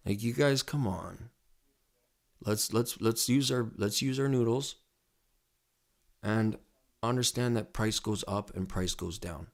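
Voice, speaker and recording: A man giving casual, rambling commentary on crypto charts as a trading educator, excitable and prone to repeating himself. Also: fairly low pitch, slow, creaky, pauses often.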